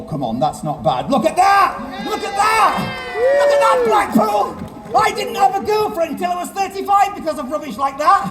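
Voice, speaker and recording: A man's voice: very high-pitched, reverberant, a little hiss or hum. A man in his fifties, a magician and ventriloquist, doing brash, self-mocking comedy patter at a live stage show. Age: 50s.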